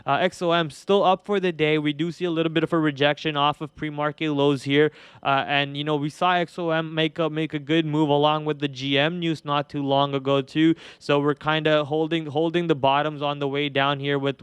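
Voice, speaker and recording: Young male stream host, Indian accent, rambling casual market talk, slightly high, flat delivery, very clear voice. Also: normal speed, no room sound. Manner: casual, rambling, many fillers and restarts. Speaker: trading show host. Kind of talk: live market commentary.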